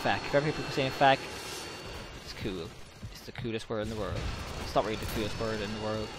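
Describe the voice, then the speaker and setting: A young man giving casual gameplay commentary, excitable and swearing often, with sudden outbursts. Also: on the low side, quick pace, very noisy. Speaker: gaming channel host.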